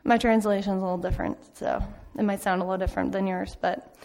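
A woman's voice: medium pitch, fairly even intonation, quick pace, vocal fry, darkish tone, faint music behind. A woman giving an informal sermon in a church, telling stories in a chatty way with frequent ums. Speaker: church speaker back from a mission trip. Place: church sanctuary. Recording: long hall reverb.

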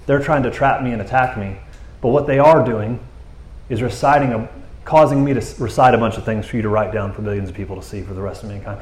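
A man preaching a conversational sermon, reading scripture and breaking into animated, joking asides. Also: fairly low pitch, fast, reverberant.

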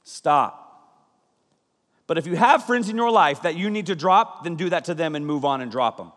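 Man, youth pastor, sermon, energetic and jokey, slightly high voice, long hall reverb. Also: fast. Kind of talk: sermon with personal storytelling. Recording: reverberant hall with music behind.

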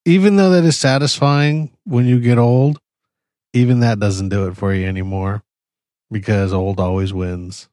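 A man on a casual panel, weighing his votes in a deliberate, dry way. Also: on the low side, steady tone, a little mellow, dry recording.

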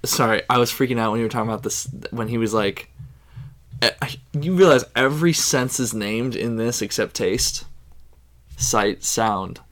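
A young man co-hosting a casual podcast, excitable and slangy, tripping over his words. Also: medium pitch, normal speed. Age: young adult. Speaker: podcast co-host. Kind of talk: casual chat.

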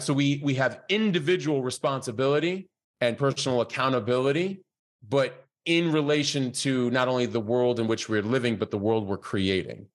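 A man as a podcast guest, telling a personal story in an animated, conversational way, with many fillers and quoted dialogue acted out. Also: mid-range voice.

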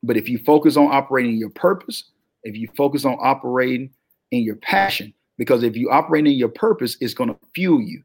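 Southern-drawling man, energetic podcast guest. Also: medium pitch, a little fast, husky, no room sound. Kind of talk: motivational interview talk.

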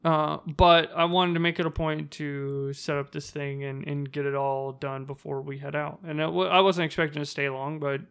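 A man's voice: fairly high pitch, moderate pace, creaky, hardly any pauses, clean tone. A man telling a funny story in casual chat, acting out the people he quotes in a raised voice. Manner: animated, acts out quotes in raised voice.

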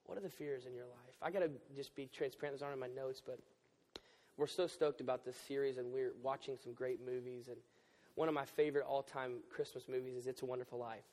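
A man's voice: medium pitch, steady tone, fast talker, darkish tone, long reverb tail. A man preaching a sermon as pastor, joking and self-deprecating, then candid. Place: church auditorium.

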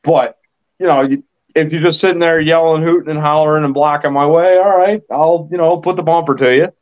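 A man's voice: on the high side, fairly even intonation, fairly quick, dull audio. A man from Connecticut co-hosting a podcast, rambling in casual chat, repeating himself and apologizing often. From Connecticut, USA. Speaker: podcast co-host.

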